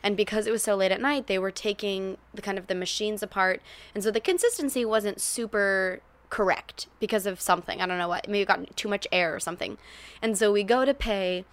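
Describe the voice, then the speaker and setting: A woman's voice: medium pitch, brisk, clear, resonant tone. A young woman co-hosting a podcast, reminiscing with her partner, laughing often and swearing casually. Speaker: podcast co-host.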